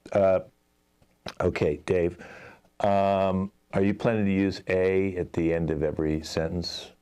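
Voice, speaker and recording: A man with a very low voice plays an exasperated commercial director in an improv scene. He rambles through his notes with lots of fillers and sighing asides. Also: level tone, unhurried, mellow, smooth. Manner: exasperated, talky, many fillers. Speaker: improv show host, playing a commercial director.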